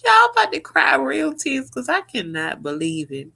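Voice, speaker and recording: Bright-voiced woman vlogger with drawl. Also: high-pitched, wildly swooping pitch, moderate pace, vocal fry. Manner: loud, profane, breaks into shrieking laughter; slangy, talks straight to viewers as y'all. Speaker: YouTube commentary vlogger. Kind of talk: casual commentary vlog.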